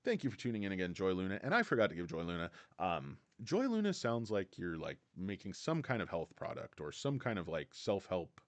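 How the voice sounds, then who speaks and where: Man, stock livestream host, rambling, sarcastic, crude, very lively pitch, dry close sound. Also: a little fast, hardly any pauses, no room sound. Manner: rambling, crude and sarcastic, swings between mutters and outbursts. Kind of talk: casual livestream chat.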